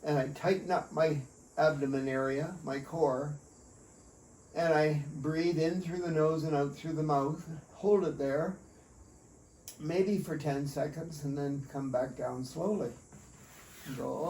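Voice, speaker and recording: A man's voice: on the high side, takes it slowly, a little mellow. A man leading an exercise demonstration at home, in a chatty, folksy way with jokey asides to himself. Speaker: fitness instructor. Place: at home in a bedroom and by a doorway. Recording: echoey room, distant mic, faint hiss.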